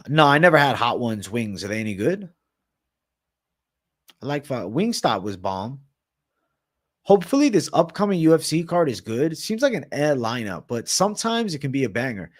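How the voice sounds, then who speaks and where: A man's voice: medium pitch, sing-song, normal speed, long pauses. A man hosting a livestream, casually answering chat with slang and frequent swearing. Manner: profane, slangy, reads and answers chat comments.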